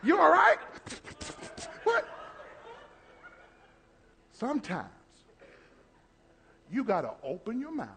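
A man delivers a sermon with a high, bright voice that swings widely in pitch. He acts out the lines he quotes and breaks into shouts. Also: slow, gravelly, pauses often. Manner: animated, shouting and acting out quotes. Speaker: pastor.

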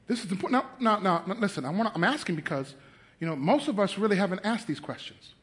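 A middle-aged man preaching a sermon, animated, acting out scenes in changing voices and laughing often. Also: high voice, fast talker. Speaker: pastor.

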